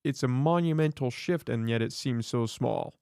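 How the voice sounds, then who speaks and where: A man's voice: medium pitch, normal speed, creaky, mellow, clean tone, no room sound, studio quality. A man hosting a chat show, agreeing with his guest and adding reflective comments. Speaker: podcast host. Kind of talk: casual interview chat.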